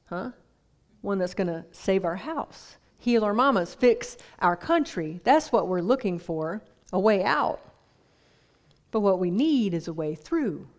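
A woman's voice: mid-range voice, a little mellow. A woman preaching a sermon in a conversational way, putting questions to the congregation.

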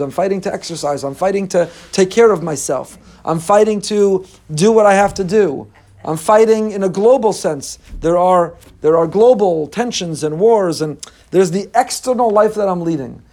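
A man teaching a Torah lesson, earnest and repetitive, swinging between emphatic lists and quiet asides. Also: high voice, moderate pace. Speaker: rabbi teaching a class.

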